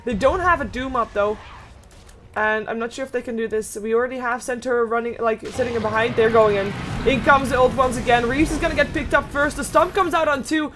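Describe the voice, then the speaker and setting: A young woman casting a live esports match, giving quick, excitable play-by-play and laughing along. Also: on the high side, slight background noise. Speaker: esports caster. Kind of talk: live game commentary.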